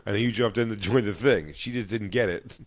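A man co-hosting a comedy podcast, riffing and teasing in quick banter. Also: lowish voice. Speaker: podcast co-host.

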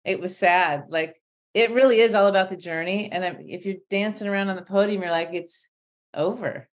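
A woman's voice: medium pitch, fairly even intonation, brisk. A woman in her fifties, a former player, talking as a guest in casual chat and eagerly recalling what she thought.

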